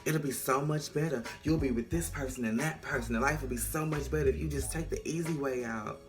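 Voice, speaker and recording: A woman voicing a menacing female ghost who hushedly tempts someone to give up on living. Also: rumbling low, a little fast, faint music behind, pitched below the performer's own voice. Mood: coaxing.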